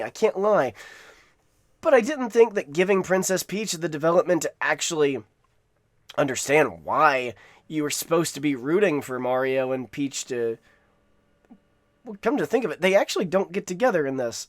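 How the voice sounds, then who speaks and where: A man's voice: fairly high pitch, sing-song, moderate pace, no echo, studio quality. A man giving a casual, rambling spoken movie review, with frequent restarts and asides. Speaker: film reviewer.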